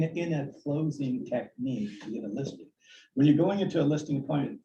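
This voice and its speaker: A man shares listing tips in an earnest coaching tone, restarting his phrases now and then. His voice is gravelly and mellow. The room mic sits far away, so the sound is dull and roomy with a faint hiss. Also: medium pitch. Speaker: real estate agent. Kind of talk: town hall talk sharing sales advice. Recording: distant, dull, echoey room audio with faint noise.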